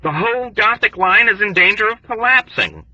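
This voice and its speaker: A man's voice: high-pitched, lively intonation, moderate pace, pushed and bright, no room sound, muffled recording, pitched above the performer's own voice, exaggerated voice. A man reading an audiobook, voicing a self-pitying male military doctor who whines and complains mournfully. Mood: whining.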